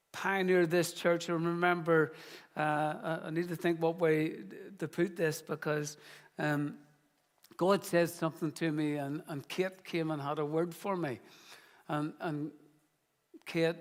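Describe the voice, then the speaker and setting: A man's voice: high-pitched, in a large hall. A middle-aged man, the founding pastor of his church, preaching in an earnest, conversational way and telling stories. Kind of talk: sermon.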